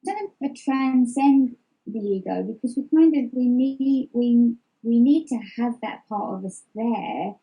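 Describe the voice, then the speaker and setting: A woman's voice: on the high side, measured pace, husky, dull audio. A middle-aged woman speaking openly as an interview guest, reflective and candid, often restarting her sentences. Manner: reflective, open, many restarts and fillers. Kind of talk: open personal interview.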